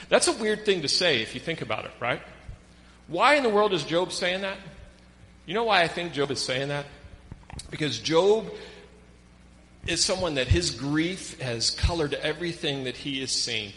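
A man preaching a sermon as pastor, reading scripture aloud with animated emphasis. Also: mid-range voice, moderate pace, long reverb tail, a little hiss or hum, poor audio.

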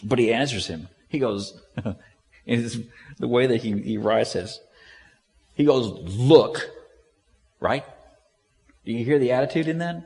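A man's voice: medium pitch, normal speed, vocal fry, darkish tone. A man preaching a sermon in a loose, conversational way, acting out the quoted lines with shifts in tone. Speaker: pastor. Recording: long hall reverb.

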